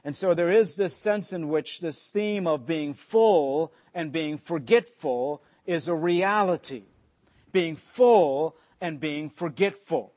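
A male pastor delivers a sermon with a slightly high-pitched voice. He preaches conversationally, drops in joking asides, and slows down deliberately to stress key points. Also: darkish tone.

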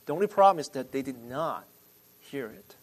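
A male pastor delivering a sermon, emphatic and deliberate, repeating key phrases. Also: medium pitch, animated, rough recording.

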